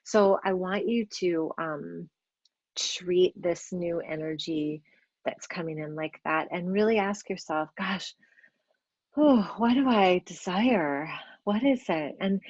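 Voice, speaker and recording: Low-voiced lady chatting about astrology, gentle and reassuring, lots of ums, dry slightly muffled audio. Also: no echo. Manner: gentle, encouraging, many ums and pauses. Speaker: astrologer and podcast host. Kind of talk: casual spoken astrology reflection. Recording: slightly dull, dry recording.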